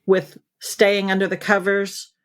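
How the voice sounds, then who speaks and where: A woman in her fifties, a podcast guest, talking in an emphatic, animated coaching way. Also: medium pitch, a little slow. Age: 50s. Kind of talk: casual conversation.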